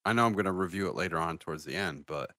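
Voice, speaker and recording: A man co-hosting a casual beer podcast, talking through a beer in a relaxed, rambling way. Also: deep voice, very fast, no echo, clean studio sound. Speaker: podcast co-host.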